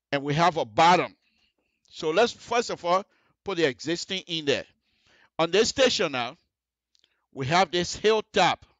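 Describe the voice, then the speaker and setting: A man's voice: on the high side, fairly bright tone, dry recording. A man teaching road construction and design on a radio show, walking listeners through the details and checking often that they follow. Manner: explanatory, repeats checks like "you see the difference?". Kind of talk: on-air technical tutorial. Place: radio studio.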